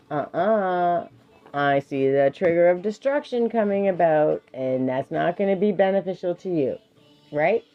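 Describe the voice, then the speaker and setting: A woman's voice: low voice, animated, measured pace, vocal fry, narrow, tinny audio. A woman streaming live, reading affirmations and firmly but patiently parenting her child in between, laughing often.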